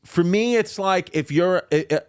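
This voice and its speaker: A man, hosting a podcast in casual chat, rambling and animated with lots of repeats and swearing. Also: sits high, unhurried, smooth. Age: 40s. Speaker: podcast host.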